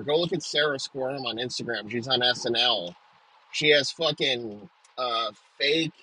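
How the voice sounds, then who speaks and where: A man's voice: mid-range voice, sharp tone, breathy edge, rough recording. A young man ranting in a profane comedic monologue, riffing crudely with frequent restarts.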